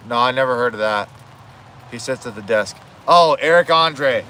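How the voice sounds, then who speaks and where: Bright-voiced rambling male streamer. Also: mid-range voice, normal speed, a little hiss or hum. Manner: rambling, self-correcting, swears. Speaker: livestreamer. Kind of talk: casual livestream chat. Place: outdoors at home.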